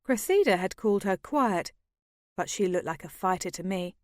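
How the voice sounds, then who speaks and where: A woman's voice: mid-range voice, expressive, normal speed, a little mellow, no echo. A woman reading a fantasy novel aloud as audiobook narrator. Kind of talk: scripted narration.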